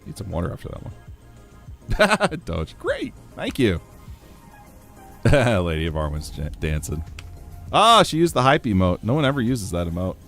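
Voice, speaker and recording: A man's voice: sits low, huge pitch swings, moderate pace, long pauses, a bit bright, soft background music. A man streaming a game, chatting casually with his chat, laughing easily as he plays.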